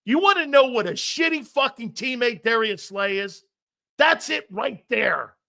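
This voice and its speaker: Guy ranting about football, swearing a lot, high voice that swings all over, super heated. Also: animated, unhurried, gravelly, sharp tone. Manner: profane, fired-up, emphatic. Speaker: sports commentator. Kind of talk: heated sports rant.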